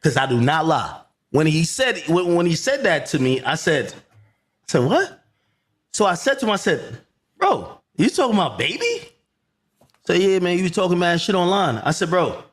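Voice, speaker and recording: A man's voice: high-pitched, very animated, moderate pace, a bit bright. A man telling a heated story, acting out the dialogue and swearing emphatic oaths.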